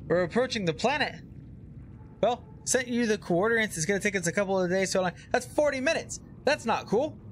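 High, lively man reacting to a game. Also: fairly quick, slight background noise. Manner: excitable, shouting at scares. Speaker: gameplay recap host. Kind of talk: let's play commentary. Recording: commentary over game music.

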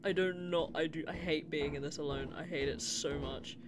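A woman's voice: deep voice, steady tone, normal speed, noisy background. A woman streaming a game, jumpy and swearing a lot as she reacts to scares. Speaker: gaming streamer. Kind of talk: live gameplay commentary.

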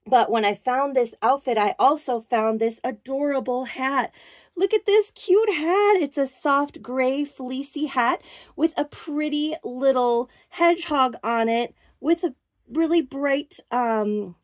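A woman with a somewhat high voice chats in a casual, gushing way, cooing over small details. She is recorded close and dry, with no room sound around her. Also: unhurried, dry recording. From Minnesota, USA. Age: adult, works in a clinic. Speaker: doll collector vlogger. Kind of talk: casual show-and-tell chat.

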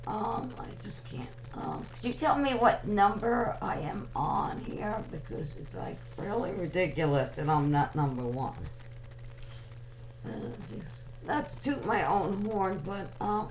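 A woman's voice: sits low, slight background noise, low-quality recording. A young woman hosting an online radio show, rambling casually and teasing her listeners as she talks with them. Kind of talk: casual live chat with listeners.

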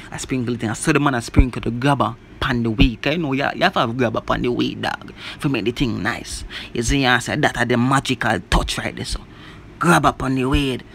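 A man casually reviewing a song, talking in an animated way and filling his lines with "bro" and "you see me". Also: mid-range voice, gravelly, slight background noise. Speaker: music reviewer.

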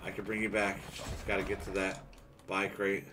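A young man streaming a game, commenting live in an excitable, swearing way and yelping when things go wrong. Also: sits low, moderate pace.

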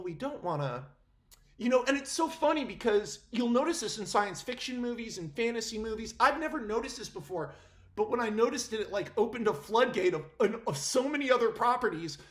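Animated, incredulous casual ranting vlogger. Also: mid-range voice. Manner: animated, incredulous, breaks into laughter, self-interrupting. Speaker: film commentary vlogger. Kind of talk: casual opinion rant to camera.

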